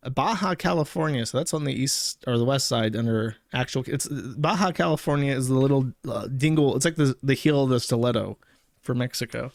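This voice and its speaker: A man hosting an online commentary show, talking casually and haltingly with many fillers and self-corrections. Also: medium pitch, no echo, clean studio sound. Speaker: host.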